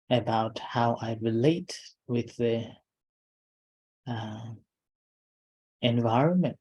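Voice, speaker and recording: A male meditation teacher giving a calm dharma talk. His voice is soft and mellow, and he speaks slowly, in short phrases broken by pauses. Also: mid-range voice, poor audio.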